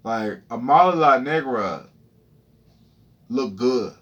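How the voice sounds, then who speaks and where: A podcast host, a man with a husky voice and slow pace, tells a crude, excitable freestyle story, repeating himself and jumping high when reliving a panic. The audio sounds dull.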